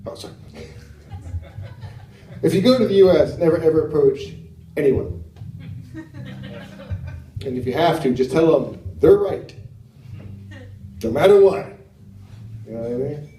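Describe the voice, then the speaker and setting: An American man performing a stand-up comedy set on a club stage, talking in a halting way with many fillers and asides to the crowd. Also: high-pitched, warm tone, a little hiss or hum. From United States. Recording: roomy venue sound from a distance.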